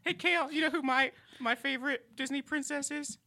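Bright-voiced man tossing in jokes. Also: extremely high pitch, brisk, creaky. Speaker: podcast co-host. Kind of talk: improvised comedy podcast chat.

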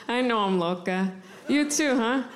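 A woman's voice: medium pitch, animated, normal speed. Chatty young woman doing stand-up. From United States. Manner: chatty, self-mocking, switches into voices. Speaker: stand-up comedian. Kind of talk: stand-up comedy. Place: comedy stage with audience. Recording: live club mic with loud crowd.

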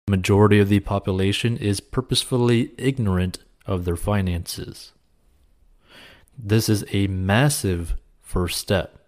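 A man with a fairly low voice talks through financial advice at an unhurried pace. His delivery is earnest and encouraging, loose and casual, dotted with "like" and "you know.". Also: fairly even intonation, a little mellow. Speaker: personal finance advice host. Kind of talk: casual advice talk answering a viewer question.

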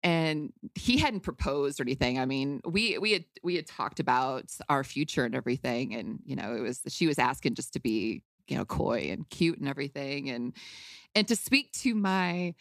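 A woman's voice: very deep voice, lively intonation, normal speed, no echo, clean studio sound. A woman hosting a podcast, candidly telling a personal story in an emotional, outspoken way with casual swearing. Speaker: podcast host.

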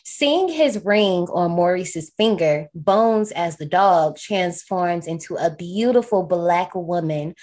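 A woman with a somewhat low voice chats casually on a podcast, recapping a film. She is slangy and animated and laughs often. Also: slow pace, few pauses. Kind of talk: casual chat.

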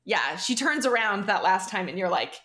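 A woman co-hosts a podcast in easy, casual conversation. She gushes and laughs often, her pitch leaping around. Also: very animated, normal speed, fairly bright tone. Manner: gushing, emotional, laughs often. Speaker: podcast co-host.

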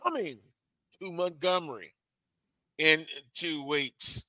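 A man hosting a sports talk radio show, chatty and relaxed as he brings in guests. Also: a little high, slow, no room sound.

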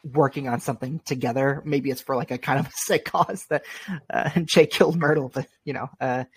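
Husky man on a film podcast. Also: mid-range voice, steady tone, fairly quick. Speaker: podcast host. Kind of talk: casual film chat.

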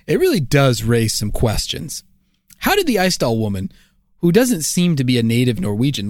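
A man co-hosts a casual, joking podcast, relating a mystery and slipping jokes in between the facts with lively energy. His voice is mid-range, and the studio-quality recording has no echo.

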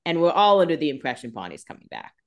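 A woman's voice: deep voice, sing-song, fast. A woman co-hosting a casual podcast who makes jokey asides and laughs often. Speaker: podcast co-host. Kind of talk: casual recap chat.

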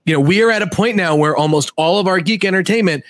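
A man co-hosting a relaxed chat, talking in a slightly high voice. He rambles with many fillers and restarts. The sound is dry and close. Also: fast talker, no echo. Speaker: co-host. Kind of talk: casual podcast chat.

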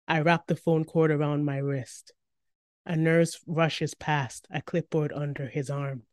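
A woman narrating a first-person story in an expressive, tense reading. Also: deep voice, measured pace, no echo, studio quality.

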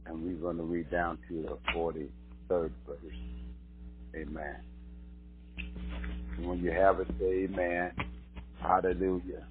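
A man hosting a radio sermon and prayer, fervent and repetitive, rising to shouts. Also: sits low, flat delivery, unhurried, pauses often, slight background noise. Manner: fervent, repeats hallelujah, rises to shouts. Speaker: host and preacher. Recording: tinny phone-line broadcast.

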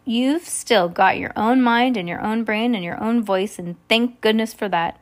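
A woman reading aloud as an elderly grandmother who is shrewd and excitable, speaking with eager urgency. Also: on the high side, measured pace, lightly acted. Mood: explaining.

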